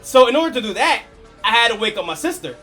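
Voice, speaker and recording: A man with a very high, bright voice chats casually with his stream viewers, spinning a story in an animated, chuckling way and swearing freely. Faint game music plays under his talk. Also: fast talker.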